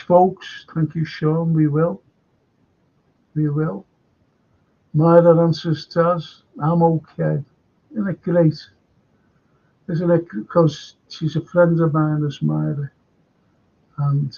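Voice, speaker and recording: A man's voice: a little high, creaky, darkish tone, husky. An older man hosting a casual live stream, chatting and reading viewer comments aloud. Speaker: show host. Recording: dull lo-fi stream audio.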